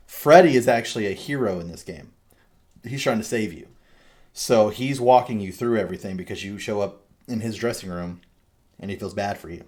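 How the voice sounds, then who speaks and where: Man, podcast host, lowish voice, rambling and animated, swears a lot. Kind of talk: casual chat.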